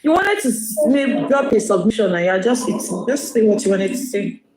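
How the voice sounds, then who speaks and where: A woman's voice: medium pitch, lively intonation, normal speed, darkish tone, echoey room, low-quality recording. A woman joining a casual live-stream chat, speaking insistently and arguing her point.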